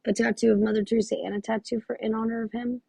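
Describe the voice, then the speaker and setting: A woman's voice: fairly high pitch, flat delivery, racing, creaky, warm tone, slightly rough, no echo, poor audio. A woman working as a psychic medium, talking through a live reading in a gushing, exclamatory way and thinking aloud with many fillers.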